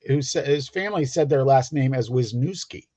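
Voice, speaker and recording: A man joining a live stream as a guest, chatting in a friendly, halting way. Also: mid-range voice, dark tone, no echo. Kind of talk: casual live-stream chat. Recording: dry muffled webcam audio.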